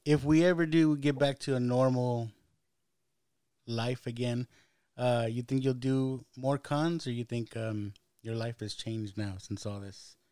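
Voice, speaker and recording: A man's voice: medium pitch, steady tone, measured pace, mellow, clean tone, no room sound. Easygoing male podcast host, dry sound. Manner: easygoing, hesitant with many ums. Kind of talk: casual interview.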